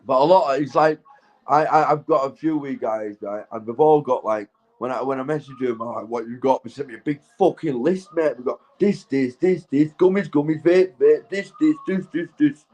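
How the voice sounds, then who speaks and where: Soft music plays behind this Yorkshire-accented man from Keighley, England, as he hosts a livestream. His voice is fairly high and darkish at a moderate pace, and he's stoned and tipsy, rambling, swearing and laughing in casual chat with viewers. The recording quality is low.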